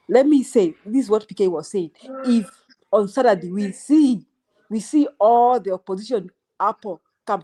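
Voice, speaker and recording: A Kenyan woman calls in to a talk show, speaking hesitantly with many fillers. She mixes English and Swahili at a medium pitch. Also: mellow. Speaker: caller. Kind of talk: casual call-in chat.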